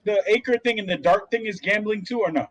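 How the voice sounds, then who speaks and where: A man's voice: high-pitched, a little fast, no room sound. A man playing in a casual tabletop game, talking in a laid-back, blunt way.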